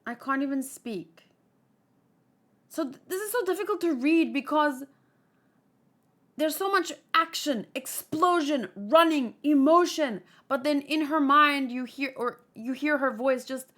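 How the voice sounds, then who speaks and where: A woman's voice: high-pitched, a little slow, fairly bright tone. A woman hosting a manga read-along, reading a comic aloud and adding emotional, rambling commentary.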